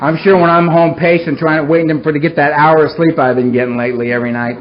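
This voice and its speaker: A middle-aged man speaking at a recovery meeting, telling his own story in a wry, self-mocking way that swings from low and somber to loud and animated. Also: fast. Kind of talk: personal story told to a meeting. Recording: dull lo-fi recording with faint hiss.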